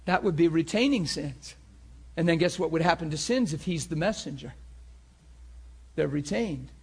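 A man preaching a sermon with passion, moving between loud bursts and hushed, intense talk. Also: on the high side, expressive, moderate pace, vocal fry, slightly rough.

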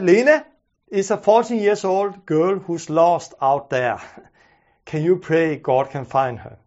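Earnest high-voiced man telling a story. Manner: earnest, halting, with many restarts and repeated words. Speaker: preacher telling a testimony. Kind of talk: storytelling testimony. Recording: muffled lo-fi recording.

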